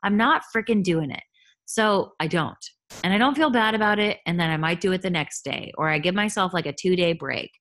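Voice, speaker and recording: A woman's voice: on the low side, brisk. A woman in her thirties, a holistic health coach, talking candidly and chattily on her own podcast. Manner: candid, chatty, animated asides. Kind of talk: solo podcast monologue.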